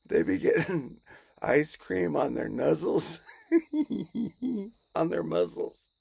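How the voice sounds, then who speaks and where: Slow, gravelly rambling male storyteller. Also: a little high, huge pitch swings, darkish tone, no room sound, studio quality. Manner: rambling, chuckling, self-correcting. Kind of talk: casual improvised storytelling.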